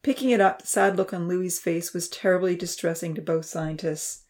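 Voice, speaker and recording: A woman narrating a novel in a steady, measured reading voice. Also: fairly low pitch. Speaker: audiobook narrator. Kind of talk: scripted narration.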